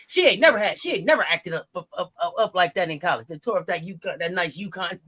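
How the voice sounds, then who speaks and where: Casual sports podcast co-host, man, high voice, fast and animated. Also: breathy edge. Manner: animated, slangy, laughs a lot.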